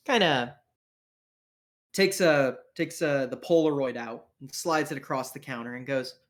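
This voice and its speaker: A man running a tabletop role-playing game as game master, narrating scenes in a casual, vivid way. His voice sits at an ordinary middle pitch. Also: a little slow. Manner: casual, vivid, with fillers and restarts.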